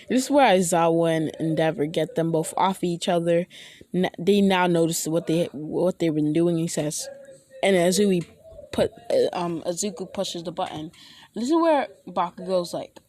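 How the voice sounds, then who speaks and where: A woman's voice: on the low side, expressive, moderate pace, darkish tone. A young woman casually retelling her fan fiction story, rambling with many fillers and restarts and acting out the characters' lines.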